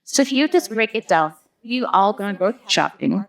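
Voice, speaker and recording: A woman's voice: medium pitch, lively intonation, normal speed, gravelly. A woman, a guest on an interview show, explaining her ideas through long everyday analogies with frequent "like" and "you know". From US Midwest. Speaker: guest, marketing business founder. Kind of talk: casual interview chat.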